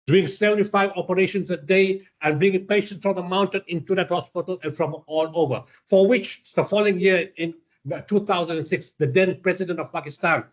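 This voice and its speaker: Un hombre de Sudáfrica da una conferencia narrando anécdotas de forma directa y animada, representando los diálogos con distintas voces. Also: male voice, sits high, brisk, highs cut off. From South Africa. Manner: blunt, animated storyteller acting out dialogue. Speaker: lecturer. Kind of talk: storytelling lecture.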